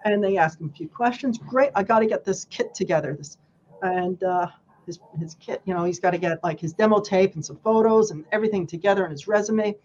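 A woman guest on a casual podcast, telling a story with animated, acted-out quotes. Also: mid-range voice, brisk, highs cut off, slight background noise.

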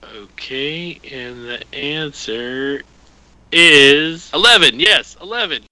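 A man hosts a trivia round on a casual podcast, reading questions and joking between answers. His voice is bright and forward, a little higher than most men's. The sound is close and dry. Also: takes it slowly, no echo, poor audio. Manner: jokey, reads out questions and answers, laughs often. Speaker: podcast host running a trivia quiz.

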